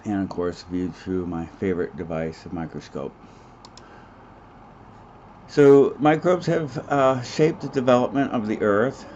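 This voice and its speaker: Male biology instructor, deep voice, chatty digressive lecture style, dull lo-fi audio with faint hiss. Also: normal speed, few pauses, darkish tone. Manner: digressive, joking asides, many fillers. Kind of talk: recorded online lecture.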